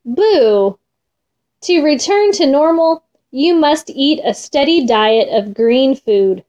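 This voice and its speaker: A woman voicing a firm, no-nonsense doctor who gives instructions in a measured way. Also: high-pitched, animated, dark tone, lo-fi sound. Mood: stern.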